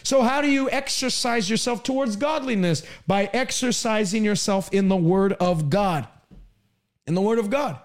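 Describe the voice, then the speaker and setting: A man delivers a broadcast sermon in a very high voice. He presses his points emphatically, swinging from raised pleading lines to low, quieter asides. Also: normal speed. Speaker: preacher.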